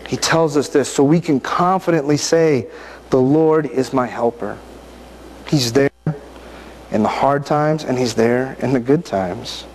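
A man's voice: medium pitch, measured pace, a little mellow, slight background noise. A man giving a conversational sermon, often asking his listeners questions and reading scripture aloud. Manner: conversational, asks the audience questions. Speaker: preacher.

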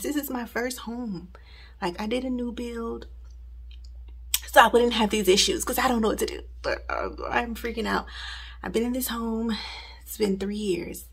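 A woman's voice: medium pitch, gravelly, breathy edge. A woman recording a casual home vlog, chatting straight to her viewers from her house. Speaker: home vlogger. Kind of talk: casual chat to camera.

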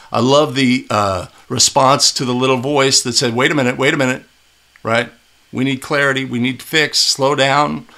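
This middle-aged man, a basketball officiating instructor, breaks down game clips for referees in a video commentary. His mid-range voice is bright and forceful, and he keeps things conversational, often checking in with "right?".

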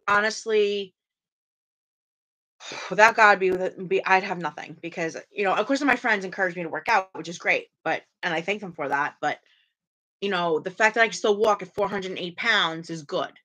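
A woman's voice: fairly low pitch, moderate pace, bright, forceful tone, poor audio. A woman chatting to viewers about her home workout, rambling and restarting her sentences. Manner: rambling, chatty, restarts often, talks to live chat. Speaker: vlogger streaming a home workout. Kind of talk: casual chat to viewers. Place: small room at home. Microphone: camera or phone at home.

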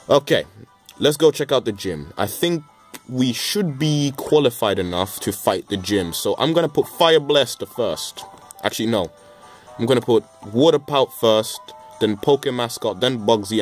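Man, casual gameplay commentary, joking, mild swearing, stumbles and restarts, low voice. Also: darkish tone. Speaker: let's play gamer.

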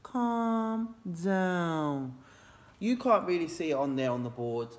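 A man teaching history in an energetic, jokey revision video from a classroom, swooping up in pitch and talking straight to his students. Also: fairly quick. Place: classroom, filmed after school. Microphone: camera facing out toward board.

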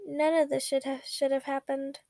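A woman reading the lines of a gentle, fatherly man who speaks quietly and with concern. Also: high voice, flat delivery, normal speed, creaky, no echo, studio quality. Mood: worried.

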